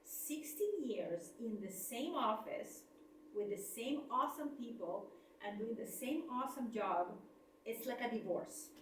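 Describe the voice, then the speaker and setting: Middle-aged woman speaker, expressive storyteller who acts out scenes; slightly high voice, recorded from a distance in an echoey room with faint background noise. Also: measured pace. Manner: expressive, laughs often, acts out dialogue. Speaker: speaker on layoffs. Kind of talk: personal storytelling talk.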